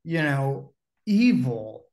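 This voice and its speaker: A man telling an anecdote in casual conversation, animated, laughing often and using many fillers. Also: medium pitch, extremely slow. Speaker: guest storyteller.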